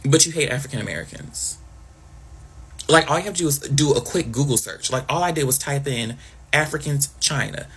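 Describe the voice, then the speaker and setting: A man's voice: mid-range voice, fairly quick, fairly bright tone, slightly rough. A man ranting bluntly to the camera, exasperated and heavy on slang. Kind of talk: casual opinion rant to camera.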